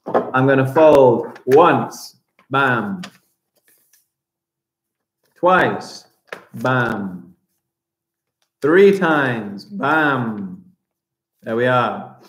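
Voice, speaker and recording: A man's voice: mid-range voice, expressive, drawn-out words, long pauses, a bit bright. A man teaching a live-streamed primary school craft lesson, chatting as he narrates each step aloud. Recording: roomy echo.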